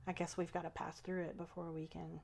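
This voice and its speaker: A woman who works as a spiritual healer, talking thoughtfully on a podcast, often trailing off and restarting, with soft laughs. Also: on the low side, flat delivery, a little fast, gravelly, a little hiss or hum. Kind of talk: casual podcast conversation.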